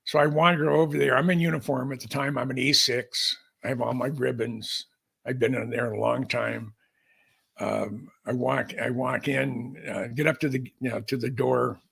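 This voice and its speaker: Older man, gravelly husky voice, folksy rambling podcast guest. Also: medium pitch, steady tone, normal speed, a bit bright. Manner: folksy, rambling, with frequent restarts and fillers. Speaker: podcast guest, aviation historian. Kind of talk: storytelling in casual conversation.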